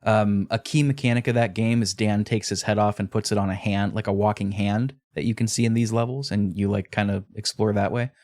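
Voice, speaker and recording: A man's voice: fairly low pitch, fairly even intonation, a little fast, few pauses, darkish tone, no echo, studio quality. A man with a slight Pittsburgh accent, talking casually as a podcast co-host, chatty, laughing often and correcting himself mid-sentence. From Pittsburgh area.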